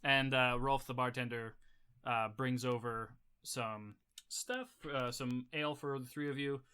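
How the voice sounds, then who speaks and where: A man narrating as game master, casual and halting as he describes scenes. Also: mid-range voice, steady tone, bright, forceful tone, smooth.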